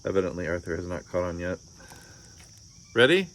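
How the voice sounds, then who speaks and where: Man narrating a kids' story, gentle and even, slightly low pitch, soft insect noise outdoors. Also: moderate pace. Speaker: storybook reader. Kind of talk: children's storybook read-aloud.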